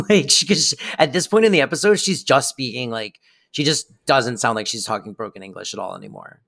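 A man co-hosting a podcast, giving wry, deadpan commentary with short laughs. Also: mid-range voice, fairly quick, creaky. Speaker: podcast co-host. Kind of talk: casual podcast chat.

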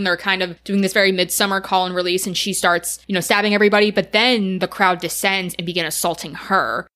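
A woman co-hosting a podcast, retelling a film's plot in casual, animated chat with lots of "like" fillers. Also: medium pitch. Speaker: podcast co-host. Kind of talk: casual film recap chat.

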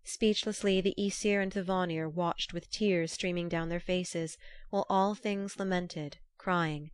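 A woman narrating an old myth in a measured, formal storytelling manner. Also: lowish voice, steady tone, clean tone, dry recording.

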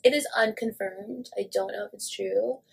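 A woman with a slightly husky voice co-hosts a casual podcast. She chats loosely about celebrity news, full of "like" and "you know", and swears freely. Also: mid-range voice, steady tone, moderate pace. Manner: chatty, filler-heavy, swears freely. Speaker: podcast co-host. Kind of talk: casual pop-culture chat.

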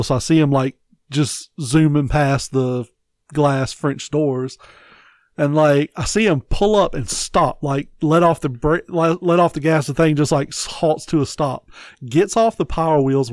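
A man with a fairly high voice chats on a podcast, swearing freely and spinning loose, rambling stories. The sound is dry and close, with no room echo at all. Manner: profane, rambling storyteller. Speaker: podcast co-host. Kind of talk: casual chat.

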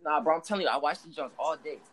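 A man's voice: fairly high pitch, racing, crowd noise, poor audio. A young man chatting casually with friends, full of slang and telling stories. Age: young adult. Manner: slangy, storytelling, repeats "bro".

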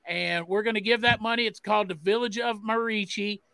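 A man putting on a Cincinnati accent to play a brash male football player, loudly plugging a fan event with cheers and curses. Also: brisk, vocal fry, smooth, no echo, exaggerated voice. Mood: hyped. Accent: put-on Cincinnati. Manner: loud, swearing, pitchman cheer.

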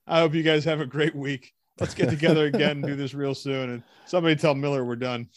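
A man hosting a podcast, joking around with his friends and laughing easily. His voice sits somewhat high for a man. The recording is dry and close, with no room sound. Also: fairly even intonation, fast talker, no room sound. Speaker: podcast host. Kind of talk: casual chat.

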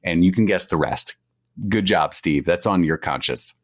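Male podcast co-host, very low voice that swings a lot, jokey riffing banter. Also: animated, moderate pace. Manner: joking, riffing, swings up into laughing asides. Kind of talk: casual chat.

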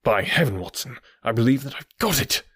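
A man's voice: animated, moderate pace, dry recording, clean studio sound. A man voicing an eager, probing detective. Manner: eager and probing, drops to a low murmur. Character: keen, commanding middle-aged male detective. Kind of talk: audiobook character voice.

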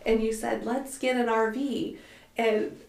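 Woman, fifties, podcast host, animated storyteller, laughs often, roomy echo. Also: fairly high pitch, unhurried, creaky. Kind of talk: casual conversation with husband. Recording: echoey room.

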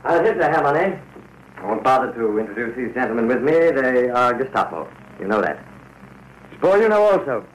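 A man's voice: medium pitch, very animated, moderate pace, a little hiss or hum, lightly acted, low-quality recording. A man playing a cold, formal secret-police officer in a 1940s radio drama, curt and coldly polite. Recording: old radio broadcast.

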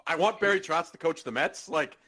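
A man's voice: fairly high pitch, fairly quick, a bit bright. A man hosting a sports podcast in casual chat, sarcastic and swearing, with mock outrage. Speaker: podcast host.

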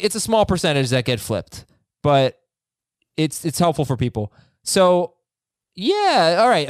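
A man's voice: a little high, clear, resonant tone, no echo, studio quality. A man hosting a casual podcast, joking and laughing as he reads listener emails aloud. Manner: animated, joking, laughs while reading. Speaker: podcast host.

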